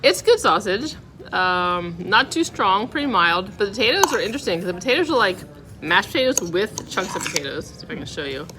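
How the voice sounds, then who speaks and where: A woman samples restaurant food on camera and scores each dish out of ten in a candid, casual review. Her mid-range voice is sing-song, bright and forceful, a little fast, with the dining room's noise around her.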